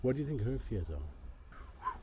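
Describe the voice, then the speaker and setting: A man outdoors in a forest, hosting a reflective conversation with calm, measured questions. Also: medium pitch, a little hiss or hum. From South Africa. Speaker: host asking questions.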